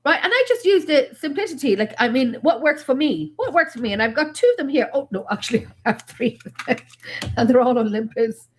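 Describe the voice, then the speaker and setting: Woman, middle-aged, husky, slightly high voice, animated, emphatic, joking. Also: a little fast. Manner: animated, emphatic storyteller with blunt jokes. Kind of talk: casual panel chat.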